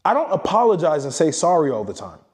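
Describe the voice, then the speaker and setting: A man's voice: on the high side, huge pitch swings, fast talker, a little mellow. A man giving a blunt, profane motivational monologue as a self-improvement coach, lecturing emphatically.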